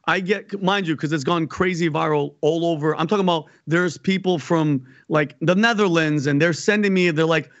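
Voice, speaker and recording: A male comedian talks in a casual interview, with a notably high voice for a man. He rambles energetically and repeats words as he tells stories. The sound is dry and slightly dull, with a lo-fi quality. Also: moderate pace, few pauses, no room sound. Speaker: guest comedian.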